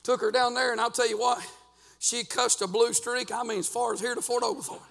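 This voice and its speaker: A man preaching a sermon as pastor in a church, folksy and fervent, peppering his talk with "uh" and rising to shouts. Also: very high-pitched, flat delivery, a little fast, creaky, in a large hall, soft background music. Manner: folksy preaching with frequent "uh" fillers. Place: church sanctuary.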